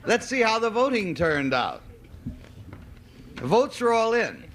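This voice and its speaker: A man's voice: sits high, wildly swooping pitch, measured pace, fairly bright tone. A man hosting a game show in a TV studio, with a polished, genial announcing manner. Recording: old TV broadcast with studio audience noise.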